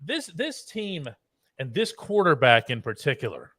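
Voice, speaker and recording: A man's voice: a little high, big pitch swings, a little slow, pushed and bright, slightly rough, no room sound, studio quality. A man co-hosting a casual sports talk show, chatty and explaining things at length. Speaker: co-host, sports columnist.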